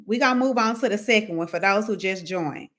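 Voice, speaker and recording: A young woman hosting a casual live stream, chatty and animated, reading viewer comments and laughing often. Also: mid-range voice, brisk.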